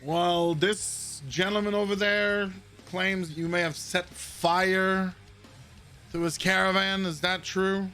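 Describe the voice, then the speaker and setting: A dutiful city guard, tired but courteous, with a high, gravelly, bright voice, as a dungeon master plays him. He keeps his requests calm and formal in this tabletop game. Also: slow, soft background music, exaggerated voice. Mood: polite.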